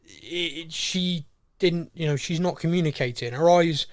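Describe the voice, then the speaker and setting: A man co-hosting a podcast, talking excitedly in casual chat and acting out characters' lines. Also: on the high side, moderate pace. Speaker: podcast co-host.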